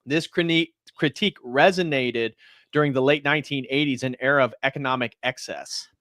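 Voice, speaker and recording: A man's voice: medium pitch, brisk, fairly bright tone, no room sound, clean studio sound. A man hosting a video stream, reading out facts from notes and chatting casually. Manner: reads facts from notes, then chats. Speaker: host.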